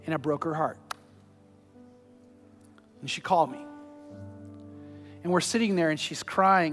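A man preaching a sermon, telling a story earnestly and moving between loud urging and hushed, tender passages. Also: a little high, measured pace, pauses often, in a large hall, soft background music. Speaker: pastor.

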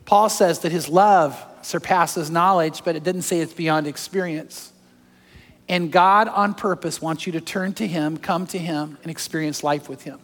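A pastor preaching a sermon to a congregation, his voice going from loud storytelling down to soft, hushed appeals. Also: a little high, fairly even intonation, unhurried. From California. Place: large church hall. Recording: long hall reverb.

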